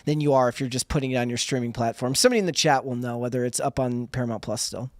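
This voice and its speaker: A man's voice: mid-range voice, racing, dry recording, clean studio sound. A man on a political panel, talking animatedly and acting out quoted people. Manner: animated, acts out quoted voices.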